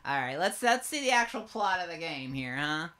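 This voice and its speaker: A woman's voice: sits low, big pitch swings, moderate pace, fairly bright tone. A woman co-hosting a retro game stream, casually chatting and reading the game's text aloud with frequent laughs. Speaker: co-host playing the game. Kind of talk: casual let's-play chat.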